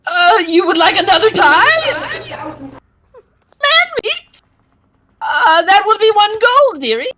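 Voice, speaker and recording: A man's voice: very high-pitched, big pitch swings, slow, pauses often, background noise, voice pushed up, exaggerated voice. A man voicing a cunning old witch who sells pies, screeching and wheedling by turns.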